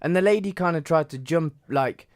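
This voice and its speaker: A man's voice: fairly high pitch, normal speed, no echo, clean studio sound. A young man, co-hosting a casual podcast with his father and teasing him playfully. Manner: teasing, mock-enthusiastic. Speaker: podcast co-host, son. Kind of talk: casual chat.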